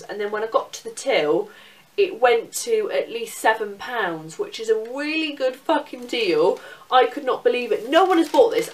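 A young Englishwoman in casual, sweary, excitable chat about her shopping haul. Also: a little high, recorded from a distance. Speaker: vlogger.

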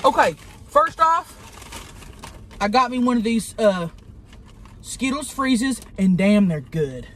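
A woman's voice: on the high side, very animated, slow pace, pauses often, a bit bright, slight background noise, heavily acted. A woman playing a brash, foul-mouthed trailer-park lady, chatting crudely and teasing while eating in a parked car. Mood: blunt. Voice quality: crude and swearing, blunt and teasing. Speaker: guest. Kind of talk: casual chat in character.

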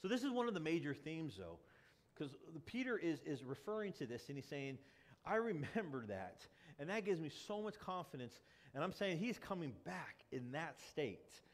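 A male pastor preaching a sermon to his congregation, emphatic and casual, with many rhetorical questions and quick restarts. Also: fairly high pitch, very animated.

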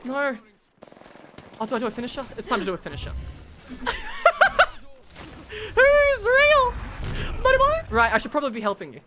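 A man streaming a game and chatting casually with friends, playful and quick to exclaim. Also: extremely high pitch, huge pitch swings, very noisy. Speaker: gaming streamer. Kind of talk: casual gaming chat with friends.

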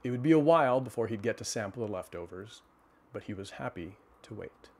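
A man hosting a livestream, reading a children's storybook aloud and then chatting with viewers in a relaxed, halting way. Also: on the low side, slight background noise. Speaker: storyteller host.

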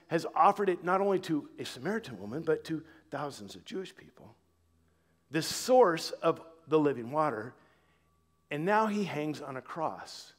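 Preaching man in an echoing church. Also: a little high. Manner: dramatic swings between loud proclamation and hushed near-whisper. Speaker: pastor. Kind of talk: sermon.

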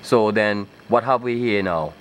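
A man's voice: lowish voice, measured pace, fairly bright tone. Emphatic man preaching to camera. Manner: emphatic and insistent, often repeats himself with "okay?"; breaks into rising, scripture-like declamation. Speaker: video blogger.

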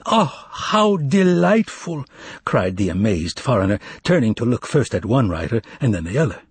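A man narrates a novel in an expressive, lively voice that swoops up and down, with a distinctly husky, breathy grain. The recording is dry and close, with no room sound. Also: on the low side, brisk, no echo. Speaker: audiobook narrator. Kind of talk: scripted narration.

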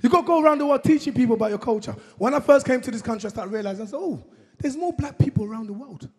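A young stand-up comedian originally from Congo works a live crowd, shouting his punchlines and switching into his parents' voices. His voice sits high and swings widely, with a gravelly, husky edge. The sound carries the long reverb of a concert hall. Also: animated, rapid-fire.

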